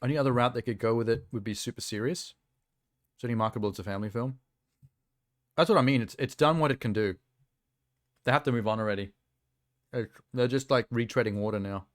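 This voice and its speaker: A man's voice: medium pitch, quick pace, pauses often, no echo, studio quality. A man streaming casual reaction chat, rambling and offhand with lots of fillers, talking around a sour lolly in his mouth.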